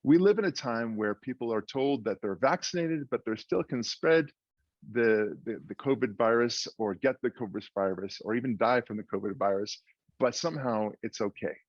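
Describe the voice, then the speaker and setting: A man's voice: mid-range voice, normal speed, dry recording. A man giving a speech, telling a joke in a conversational, storytelling way. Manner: conversational storyteller, frequent restarts. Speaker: guest speaker. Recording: dull muffled dry audio.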